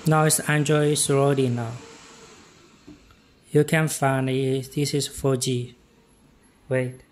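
A man from China walks through a product demonstration in simple, broken English, stringing together short, halting phrases. He speaks slowly and unhurriedly with a flat, even pitch, and there's a little hiss or hum.

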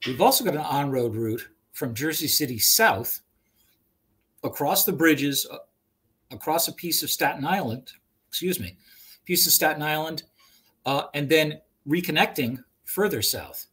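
A man working as a regional trail manager answers webinar questions over a video call, halting often with fillers and restarts. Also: on the high side, animated, bright, forceful tone, husky.

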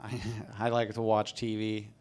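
A man's voice: lowish voice, completely flat delivery, unhurried, noisy background. A man performing a live stand-up comedy set on stage, talking in an offhand, dry way and breaking into silly voices. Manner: offhand, dry delivery broken by sudden silly put-on voices. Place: comedy stage before a live studio audience. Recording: audience laughter behind. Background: crowd laughing.

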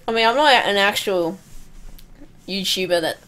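A young woman casually commenting while playing a video game, chatty and self-mocking, now and then letting out loud whoops. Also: mid-range voice, moderate pace, pauses often. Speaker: let's play gamer.

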